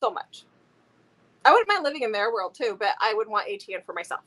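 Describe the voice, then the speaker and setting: A woman's voice: medium pitch, very animated, fairly quick, fairly bright tone. A woman in her thirties, co-host of a book channel, chatting casually and enthusiastically about books. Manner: enthusiastic, talkative, laughs often.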